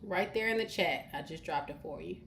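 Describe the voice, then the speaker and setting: A woman's voice: lowish voice, a little fast, a bit bright. A woman giving a live-streamed tarot reading, chatty and informal, talking straight to her viewers. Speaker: tarot reader. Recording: roomy echo with faint hiss.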